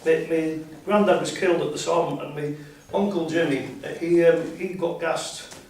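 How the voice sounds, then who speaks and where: A man's voice: on the high side, fairly even intonation, moderate pace, darkish tone. An older man from Scotland, reading his own rhyming poems at an open mic, with hesitant, rambling chat between them. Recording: very echoey room, mic at a distance, faint noise.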